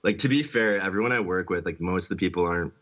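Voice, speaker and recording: A man's voice: low voice, quick pace, a bit bright. A man with a Canadian accent chatting casually, rambling and filling his speech with "like". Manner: rambling, heavy use of "like". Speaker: podcast guest. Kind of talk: casual chat. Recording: dull lo-fi sound.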